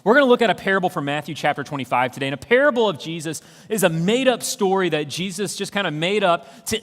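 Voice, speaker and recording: A man's voice: high-pitched, a bit bright. A pastor preaching and reading a parable aloud, changing his tone for each character. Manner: reads scripture aloud clearly, changes tone for the characters. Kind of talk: sermon with scripture reading. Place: church auditorium. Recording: long church hall reverb.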